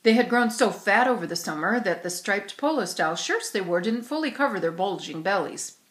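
A woman's voice: mid-range voice, a little fast. Woman reading a children's story aloud. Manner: expressive storytelling. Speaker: narrator. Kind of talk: audiobook reading. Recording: roomy echo.

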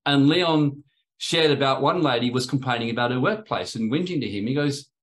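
A man teaches in a loose sermon style, telling one story after another. His voice sits at an ordinary middle pitch. He drifts through fillers and restarts and acts out the people he quotes. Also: brisk, a bit bright. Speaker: spiritual teacher.

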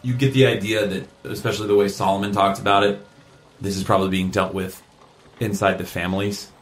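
A man acting as game master, narrating and explaining a tabletop game in a relaxed way full of fillers. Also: on the low side, brisk.

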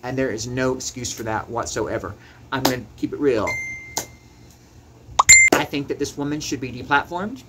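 A man's voice: mid-range voice, moderate pace, long pauses, very noisy. Heated man ranting to camera. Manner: heated, emphatic, repeats words when worked up. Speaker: YouTuber. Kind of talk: commentary rant to camera.

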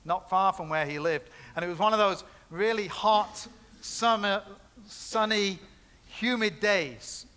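A man's voice: high voice, slow, pushed and bright, smooth. A man pastor preaching a conversational sermon in a church, building points through repetition and chatty asides. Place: church sanctuary.

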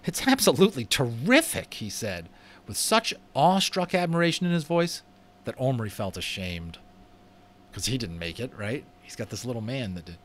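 A man giving a dramatic reading of a children's novel, expressive and adding casual asides. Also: medium pitch, normal speed. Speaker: audiobook reader.

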